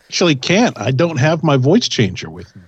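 Husky, lively sarcastic man. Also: mid-range voice, fairly quick, no room sound, dull audio. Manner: sarcastic, mocking, deadpan jabs. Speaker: co-host of a prank call show. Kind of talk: casual crude banter.

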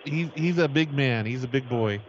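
A man's voice: medium pitch, moderate pace. A man making a prank phone call, stammering and playfully silly. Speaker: prank caller. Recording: dull lo-fi with faint noise.

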